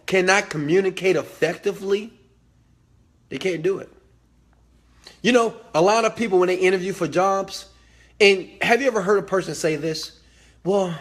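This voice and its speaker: A man with a slightly high voice gives a motivational talk. He is emphatic and preachy, hammers his points through repetition, and swears freely. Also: husky. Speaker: host.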